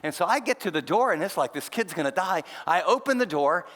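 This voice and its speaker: An older man preaching in a hall with a long, ringing reverb, his voice sitting a little higher than most men's. He tells his story earnestly and confidingly, slipping in wry jabs at himself. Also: lively intonation, a little fast, a bit bright. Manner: earnest, confiding, with self-deprecating asides. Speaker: pastor. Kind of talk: conversational sermon storytelling.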